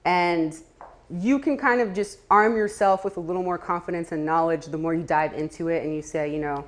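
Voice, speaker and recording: A woman's voice: on the low side, animated, normal speed. A woman giving a casual talk to a live audience, chatty, with laughing asides and many fillers. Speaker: community speaker.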